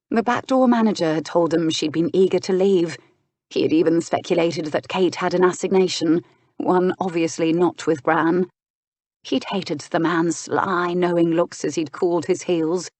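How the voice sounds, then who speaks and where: Romance audiobook narrator, woman, lower voice, measured and unhurried, dry close mic. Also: a little mellow, dry recording.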